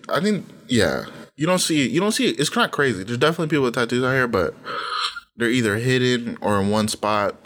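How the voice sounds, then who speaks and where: A man's voice: on the low side, fairly bright tone. A man co-hosting a casual podcast chat, loose and joking, mocking what he reads aloud. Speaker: podcast co-host.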